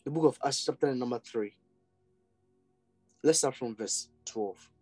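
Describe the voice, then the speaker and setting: A man's voice: mid-range voice, unhurried, long pauses, darkish tone, dry recording, soft background music, low-quality recording. A man preaching a charismatic sermon, exclaiming ecstatically and breaking into tongues.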